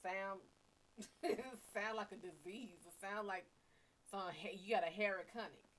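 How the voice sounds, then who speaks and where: A woman's voice: mid-range voice, fairly even intonation, a little slow, a bit bright. A woman with a Cajun-tinged accent, chatting casually on a livestream as a psychic reader, rambling and profane with laughing asides.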